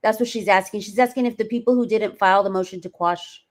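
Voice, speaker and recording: A woman's voice: mid-range voice, fast, slight background noise. A woman co-hosting a casual livestream, chatty and addressing viewers as y'all while reading filings aloud. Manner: chatty, says y'all, reads letters aloud.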